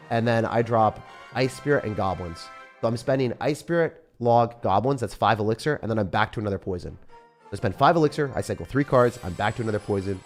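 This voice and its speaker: A young man commentating his own game on a live stream, fast and jokey, chatting to viewers as he plays. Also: mid-range voice. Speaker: gaming streamer.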